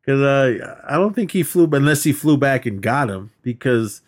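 Man, podcast co-host, casual movie recap, rambling, laughs a lot, mid-pitched voice. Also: lively intonation, moderate pace. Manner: rambling, laughs often, acts out quotes.

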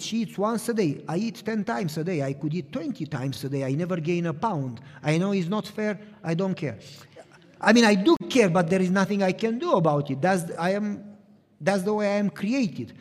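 Lively high-voiced male pastor preaching. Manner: animated storytelling, acting out dialogue. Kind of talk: sermon. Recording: long reverb of a large hall.

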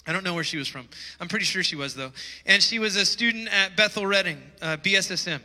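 High, bright-voiced man preaching. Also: fast, long reverb tail, rough recording. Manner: storytelling, emphatic rising calls to wake up. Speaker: pastor. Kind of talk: sermon. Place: church hall.

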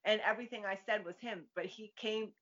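A woman's mid-range, slightly bright voice moves fairly quickly with fairly even intonation. She's a psychic medium guesting on a casual interview, chatting and acting out the voices in her stories, recorded with dull lo-fi sound.

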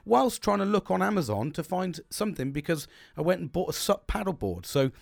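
A man's voice: high-pitched, big pitch swings, a little fast, creaky, no room sound, studio quality. A man hosting a podcast, talking casually, swearing a lot and rambling with restarts. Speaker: podcast host.

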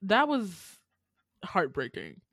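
A woman chatting casually as a podcast co-host, recapping a TV drama in a lively way and acting out the characters' lines. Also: medium pitch, slow pace, dry recording. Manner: animated, acts out character lines.

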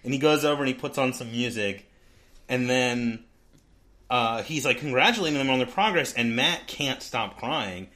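A man's voice: mid-range voice, lively intonation, normal speed, pushed and bright. Guy chatting on a podcast, lots of likes and ums, laughing as he retells stuff. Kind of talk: casual book discussion.

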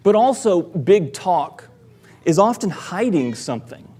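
A man, a church elder, preaching a sermon in a measured, deliberate way, giving quoted lines with emphasis. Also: high voice, sing-song, dark tone, breathy edge. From American South.

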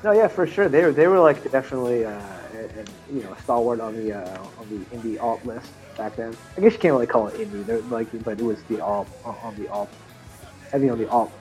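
A man's voice: medium pitch, brisk, darkish tone, low-quality recording. A man chatting casually about nineties music, rambling through restarts and "like" as he hunts for his point. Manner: rambling, many restarts and fillers.

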